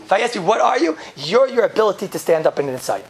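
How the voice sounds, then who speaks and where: A man teaches an informal class, piling up rhetorical questions and chuckling at his own jokes. His voice has a gravelly, creaky edge. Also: high voice, big pitch swings, racing. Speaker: yeshiva teacher giving a class.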